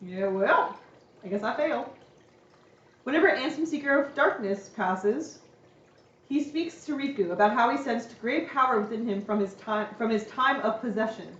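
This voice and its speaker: A woman's voice: a little high, lively intonation, moderate pace, a bit bright. A young woman streamer casually recapping a game story at home, chatty and playful. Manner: chatty and playful, laughs often. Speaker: streamer giving a lecture. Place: home room. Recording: echoey room, distant dull mic.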